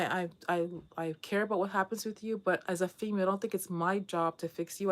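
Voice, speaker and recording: A middle-aged woman vlogging casually to camera, talking candidly and rambling with frequent restarts. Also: medium pitch.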